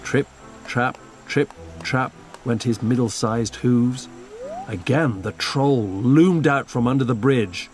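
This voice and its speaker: A man reading a fairy tale aloud as storybook narration, slow and expressive. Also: soft background music. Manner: slow and expressive, lively pitch.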